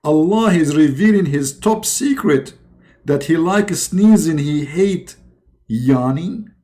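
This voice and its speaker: A man giving mocking commentary in a halting delivery with many fillers. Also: on the high side, lively intonation, mellow. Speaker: religious debate streamer.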